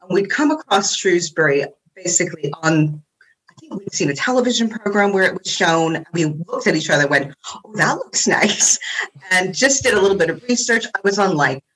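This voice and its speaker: This is a forty-something American woman, an interior design blogger, guesting on a podcast for a relaxed interview chat full of self-deprecating laughter. Her voice is on the low side, expressive, a bit bright and fairly quick, and the recording is rough.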